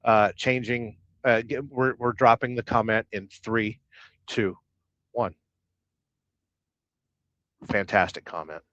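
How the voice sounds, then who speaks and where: A man's voice: fairly low pitch, steady tone, slow, pauses often, fairly bright tone, no room sound, muffled recording. A man hosting a casual live stream as a truck driver, joking and rambling as he reads viewers' comments aloud from his truck. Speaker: livestream host, truck driver. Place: truck, waiting to unload.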